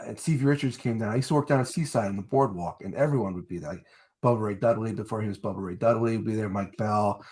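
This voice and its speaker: Rambling, animated New Jersey man. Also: mid-range voice. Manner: rambling, repeats words, animated when telling stories. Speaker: guest, former pro wrestler. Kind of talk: casual interview storytelling.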